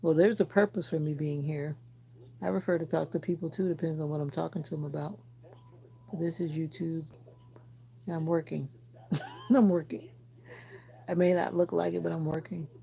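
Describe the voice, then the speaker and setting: A woman's voice: sits low, steady tone, moderate pace, vocal fry, long pauses, warm tone, low-quality recording. A Jamaican woman from Jamaica hosting a casual livestream, chatting with viewers and teasing them as she answers their comments. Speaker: livestream host.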